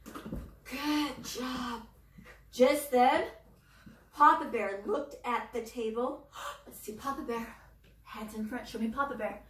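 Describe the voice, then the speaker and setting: A young woman teaching preschool yoga through a story, expressive and sing-song, with gasps and whispers, recorded roomy and from far off. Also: fairly high pitch, slow pace, pauses often, slight background noise. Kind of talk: storytelling yoga lesson for children.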